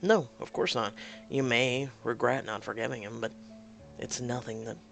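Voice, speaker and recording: A man's voice: medium pitch, steady tone, moderate pace, creaky, a bit bright, faint music behind. Man reading a tender young groom.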